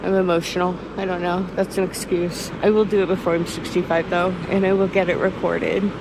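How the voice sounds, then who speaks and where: A woman in her sixties talking slowly in a rambling, emotional vlog, often close to tears and laughing softly. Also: lowish voice, flat delivery, background noise. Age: 60s. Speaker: vlogger. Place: outdoors by the water.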